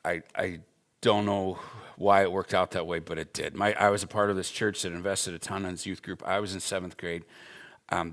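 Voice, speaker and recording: Gravelly deep-voiced man in his forties. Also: a bit bright. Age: 40s. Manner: earnest, emphatic, with personal stories. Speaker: Bible school instructor. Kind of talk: conversational teaching talk.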